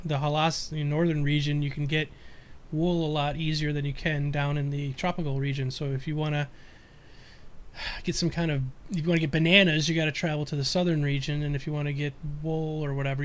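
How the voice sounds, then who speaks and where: A man chatting as a podcast host, enthusiastic and playful. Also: on the high side. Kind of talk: casual chat.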